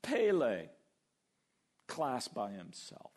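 A man preaching a sermon, animated, acting out biblical voices and slowing down to stress key words. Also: mid-range voice. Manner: animated, acts out biblical voices, slows for emphasis. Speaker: pastor.

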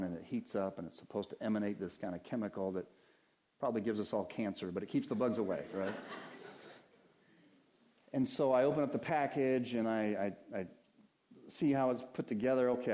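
A pastor preaching a sermon in a conversational way, mixing scripture with homely stories and rhetorical questions. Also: male voice, on the low side, warm tone.

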